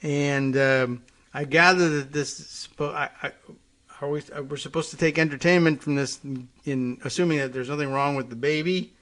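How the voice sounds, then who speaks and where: A man's voice: on the high side, steady tone, normal speed, fairly bright tone. A man hosting a talk show, casually reading on air and riffing in a wry, rambling way, often chuckling. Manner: rambling, wry, chuckling, many fillers and restarts.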